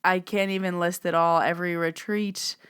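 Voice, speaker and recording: A woman's voice: fairly low pitch, steady tone, moderate pace, fairly bright tone, clear, resonant tone. A woman hosting her own podcast, chatting through a reflective, heartfelt year-end recap as a medium and teacher.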